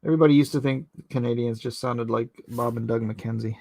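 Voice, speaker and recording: A man's voice: mid-range voice, steady tone, fairly quick, creaky, darkish tone. A man chatting casually with his viewers while he inks a drawing live, rambling and joking as he answers the chat. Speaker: artist streaming live while inking.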